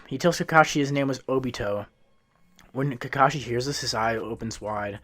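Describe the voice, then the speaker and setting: Man rambling through a story. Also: medium pitch. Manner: loose, rambling retelling with frequent restarts and self-corrections. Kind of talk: casual fan-fiction narration.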